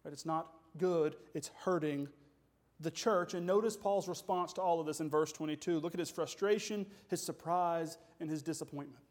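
A man's voice: a little high, normal speed. A man preaching a sermon as pastor, emphatic and full of rhetorical questions.

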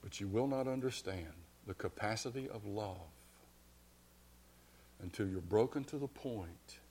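Low-voiced male pastor preaching. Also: measured pace, slightly rough. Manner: preaching with swells from soft to loud. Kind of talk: sermon.

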